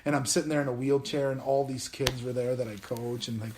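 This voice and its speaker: A man's voice: medium pitch, fairly even intonation, a little fast, background noise. A man in his thirties hosting a casual podcast chat, telling a self-deprecating story. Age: 30s. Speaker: podcast host.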